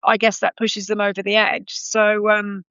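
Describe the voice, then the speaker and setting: Woman in her 30s chatting as a guest, lots of ums, gravelly edge, kinda smooth. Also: medium pitch, little pitch movement, normal speed, fairly bright tone, dry recording, muffled recording. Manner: frequent ums and self-corrections. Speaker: podcast guest. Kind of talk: conversational storytelling.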